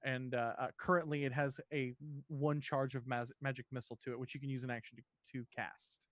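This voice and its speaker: A man's voice: mid-range voice, flat delivery, fairly quick, fairly bright tone, dry recording, studio quality. A man narrating as dungeon master in a tabletop game, laid-back with frequent laughs and fillers.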